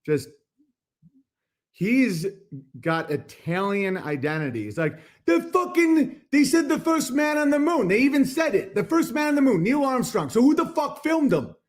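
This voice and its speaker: A man's voice: very high voice, animated, moderate pace, hardly any pauses. A man in a played clip commenting sarcastically, mocking the people in a video.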